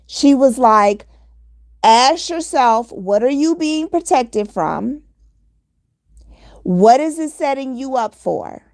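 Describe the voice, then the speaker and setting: A woman with a fairly high voice delivers a motivational monologue straight to her listeners. She speaks earnestly and hammers her points home by repeating them. The sound is dry and close, with no room echo. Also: lively intonation, slow, pauses often, darkish tone. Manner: earnest, repetitive, preachy exhortation. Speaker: motivational vlogger.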